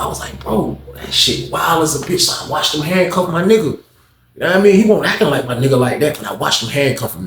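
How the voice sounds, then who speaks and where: A man telling a prison story in casual, animated fashion, acting out everyone's voices with heavy slang. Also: mid-range voice, vocal fry, echoey room, a little hiss or hum.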